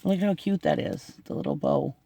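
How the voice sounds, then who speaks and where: A middle-aged man with a slightly high voice chats through an unboxing, gushing and laughing easily as he rambles. The sound is dry and close, with no room around it. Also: sing-song, normal speed, creaky, warm tone, slightly rough, dry recording. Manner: gushing, chatty, laughs often. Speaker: unboxing vlogger. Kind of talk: casual unboxing chat.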